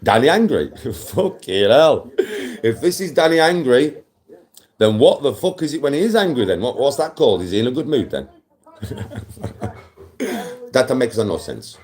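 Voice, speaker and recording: British man, livestream host, casual chat, animated delivery, frequent laughter. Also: medium pitch, moderate pace. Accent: British English. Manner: animated, laughs often, swears, talks to chat.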